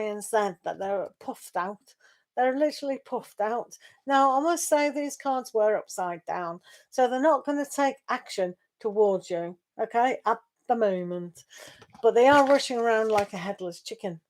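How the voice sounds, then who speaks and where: A woman's voice: fairly high pitch, expressive, moderate pace, a little mellow, poor audio. A woman doing a live tarot reading, chatting and reassuring viewers by name and laughing often. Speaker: tarot reader.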